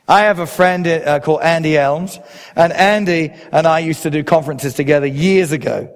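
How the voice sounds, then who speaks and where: An English man preaching a sermon, driving his points home with rising emphasis. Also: normal speed. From England. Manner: emphatic preaching with swells in pitch and loudness. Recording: long hall reverb.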